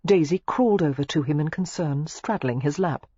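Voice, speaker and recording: An audiobook narrator reading a novel aloud in an expressive, scripted style. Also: normal speed, husky. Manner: expressive, shifting pitch through the narration. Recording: dull lo-fi dry recording.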